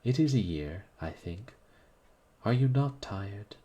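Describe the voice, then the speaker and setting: A man's voice: fairly low pitch, expressive, takes it slowly, mellow, husky, highs cut off, voice pushed up, heavily acted. A man voicing a teasing young Parisian woman. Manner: candid, mocking, then earnest.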